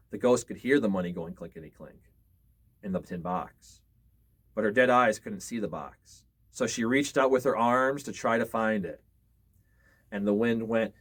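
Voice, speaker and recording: A man's voice: medium pitch, normal speed. Man reading scary stories aloud. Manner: expressive reading with small slips. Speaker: storyteller.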